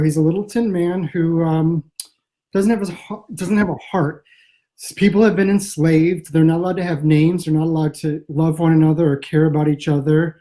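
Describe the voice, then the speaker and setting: A man's voice: on the high side, warm tone, rough recording. A man from the American Midwest, a comic writer as an interview guest, talking over a video call in a thoughtful, rambling way. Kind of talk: casual interview chat.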